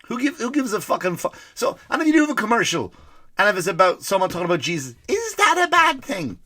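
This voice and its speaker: A man's voice: high-pitched, animated, fast, a bit bright, no room sound, studio quality. Profane ranting male comedian. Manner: profane, combative, rhetorical questions. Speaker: comedian podcast host. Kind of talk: comedic rant.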